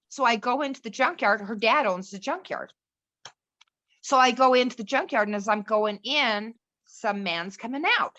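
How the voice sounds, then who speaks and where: A woman's voice: on the high side, moderate pace, sharp tone, highs cut off. A middle-aged woman, a podcast guest, telling a personal story in an earnest, rambling way. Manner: earnest, rambling, restarts and quotes others. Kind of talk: casual storytelling chat.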